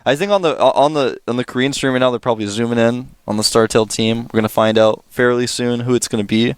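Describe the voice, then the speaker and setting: A man casting a live video game match from a studio, excitable and rambling, breaking into jokes. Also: mid-range voice, quick pace, clear, resonant tone, no room sound. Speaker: esports caster. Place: broadcast studio.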